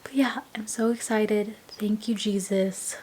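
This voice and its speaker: A young woman talks through a personal vlog at an unhurried pace, her voice soft and often slipping into a half-whisper. Small laughs break in now and then, and a faint hiss sits under the recording. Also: medium pitch, fairly even intonation, rough recording. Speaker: vlogger.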